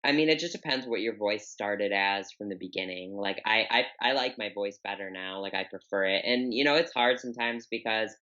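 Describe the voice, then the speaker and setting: A young woman with a deep, low voice for a woman, talking candidly and rambling with lots of fillers as a podcast guest. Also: a little fast, few pauses, a bit bright. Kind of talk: casual interview talk. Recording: dull, muffled audio.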